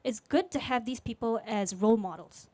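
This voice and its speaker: Before an audience at a live storytelling event, this late-20s music teacher from Singapore shares a personal story in a fairly high, mellow voice at normal speed, with no room sound. Her delivery is conversational and candid, with fillers and quotes she voices out.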